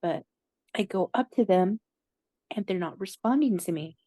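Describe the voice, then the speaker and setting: A woman telling a personal story in a halting way, with many "like" fillers and moments where she loses her words. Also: medium pitch, animated, mellow, dry recording. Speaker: interviewee recounting a near-death experience.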